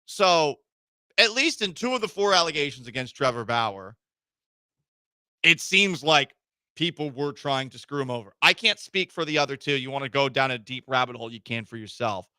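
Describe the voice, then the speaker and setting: Bright, joking sports radio host. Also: male voice, medium pitch, moderate pace, smooth, no room sound, studio quality. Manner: joking, animated, emphatic. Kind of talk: casual sports talk radio. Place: radio studio.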